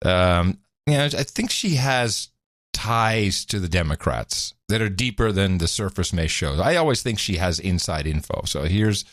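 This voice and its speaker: A man's voice: deep voice, expressive, unhurried, fairly bright tone, no room sound. A man co-hosting a podcast, his voice swinging up and down as he talks. He grew up in Europe and keeps laughing through a playful, casual chat. The sound is dry and close. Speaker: podcast co-host.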